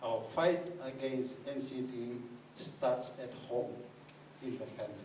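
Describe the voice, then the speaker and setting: A man charity trustee speaking slowly and emphatically in a news interview clip. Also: mid-range voice, steady tone, a little mellow, slight background noise. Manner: slow, emphatic. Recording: distant mic in echoey room.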